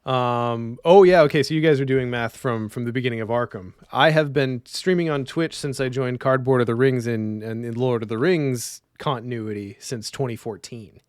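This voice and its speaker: A man with a mid-range voice speaks at normal speed with few pauses, in a dry, clean studio recording. He streams a solo card game, quietly reading out rules to himself and chatting with viewers in a casual way.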